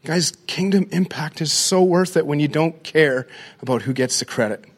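A middle-aged man, a pastor giving an energetic, story-driven talk to a church crowd and calling them "guys". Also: fairly high pitch, moderate pace.

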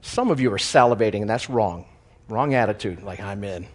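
A man preaching a sermon, swinging between loud emphasis and quiet joking asides, chuckling at his own lines. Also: on the low side, expressive, a little fast.

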